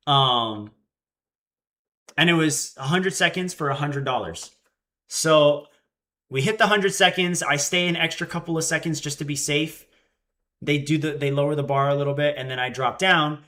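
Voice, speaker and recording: A young man in his twenties chatting casually on a livestream and telling an animated story, acting out the quotes. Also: a little high, moderate pace. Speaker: streamer.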